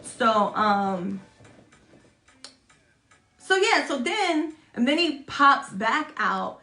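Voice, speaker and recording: A woman's voice: big pitch swings, extremely slow, sharp tone. A young woman telling a story to camera in a casual, chatty way, often swearing and mocking herself. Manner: chatty, swearing, self-mocking, acts out quotes in high voices. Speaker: vlogger. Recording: echoey room.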